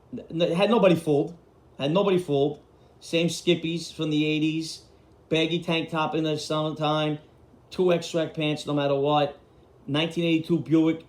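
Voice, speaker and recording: A man telling blunt, profane street stories in a casual way. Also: a little high. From Queens, New York. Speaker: storyteller host. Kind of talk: casual storytelling. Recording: roomy echo.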